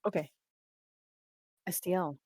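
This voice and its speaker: A woman's voice: slow pace, background noise. A woman playing a tabletop game, direct and playful. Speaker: player.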